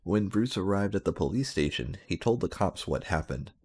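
Male reader, very low voice, sarcastic comedic reading of bad fan fiction. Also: animated, normal speed, a little mellow, slightly rough. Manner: sarcastic, breaking into laughter.

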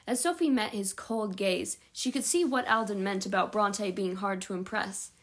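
Lady reading a book out loud, mid pitch, trips over words now and then, fixes them. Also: moderate pace. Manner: unpolished, with small slips and self-corrections. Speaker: audiobook reader. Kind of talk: reading a novel aloud.

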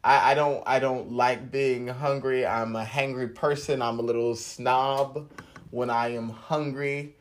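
A man giving a relaxed personal sermon, speaking in a halting way with restarts and soft laughs. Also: mid-range voice.

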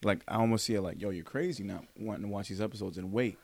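Male podcast co-host, lower voice, rapid and profane, dry recording. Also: vocal fry. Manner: fast, profane, animated storytelling. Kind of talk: casual chat.

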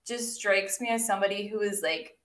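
A woman's voice: mid-range voice, a little fast, fairly bright tone. A young woman co-hosting a casual chat, talking in a chatty way with many "like"s and frequent laughs. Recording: echoey room.

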